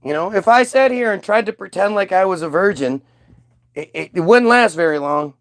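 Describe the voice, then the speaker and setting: High-voiced sarcastic man ranting. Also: brisk, a bit bright, dry recording. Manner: sarcastic, profane, mocking voices. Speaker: commentator reacting to clips. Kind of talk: casual ranting commentary.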